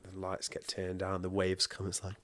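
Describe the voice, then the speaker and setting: A man chatting casually as a guest, telling stories in an animated way and often breaking into laughter. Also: low-pitched, moderate pace, no room sound. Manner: animated, laughing, acts out quotes. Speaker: podcast guest. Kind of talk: casual storytelling chat.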